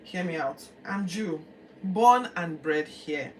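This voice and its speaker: A woman's voice: lowish voice, expressive, takes it slowly. A woman voicing the apostle Paul as an earnest, pleading grown man, telling his story in the first person, recorded from a distance. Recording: distant mic, faint background noise.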